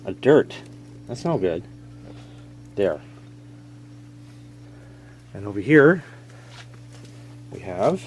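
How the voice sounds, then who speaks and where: A man with a medium-pitched, darkish voice hosts a laundry video, joking playfully as he sets up washing machines. The casual demonstration is recorded amid the noise of running water.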